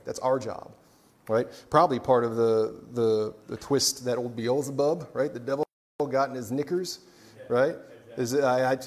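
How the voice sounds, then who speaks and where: A man's voice: medium pitch, darkish tone. A man preaching a casual sermon in a conversational way. He keeps checking in with "right?" and adds joking asides. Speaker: pastor.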